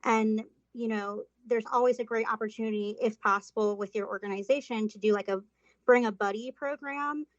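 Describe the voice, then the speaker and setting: A woman's voice: on the high side, fairly even intonation, a little fast, no room sound. Earnest woman guest explaining volunteering. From Florida. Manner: earnest, many um fillers. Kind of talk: interview answers. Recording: dull, dry remote recording.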